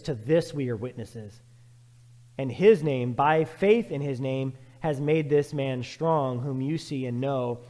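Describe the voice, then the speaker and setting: A man preaching a sermon as pastor, emphatic and repetitive, swinging from loud urging to quiet, reflective passages. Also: fairly high pitch, big-room sound.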